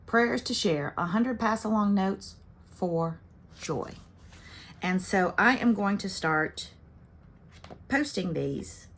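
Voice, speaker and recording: A woman's voice: medium pitch, a little hiss or hum. A woman in her fifties hosting a cross-stitch channel, talking casually and chattily to her viewers and rambling with frequent little laughs.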